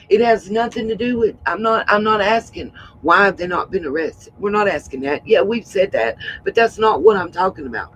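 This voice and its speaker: A woman hosting a livestream, hoarse and frustrated, who keeps repeating her points with emphasis. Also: mid-range voice, lively intonation, moderate pace, fairly bright tone, poor audio. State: hoarse from hollering. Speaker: livestream host. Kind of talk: casual livestream talk.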